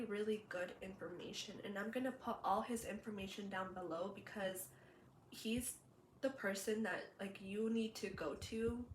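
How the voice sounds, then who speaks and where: A young woman telling a personal story in a vlog, chatty with many fillers, emotional and laughing through tears. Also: medium pitch. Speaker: vlogger. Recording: roomy echo, faint background hum.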